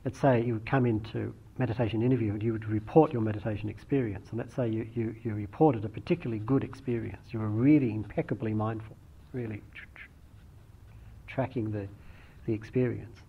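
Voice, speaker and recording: Middle-aged guy giving a meditation talk, husky-ish voice, muffled lo-fi recording, thinks out loud and restarts a lot. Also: fairly low pitch, steady tone. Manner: unhurried, reflective, with frequent restarts. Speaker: meditation teacher. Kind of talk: dharma talk. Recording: dull lo-fi recording.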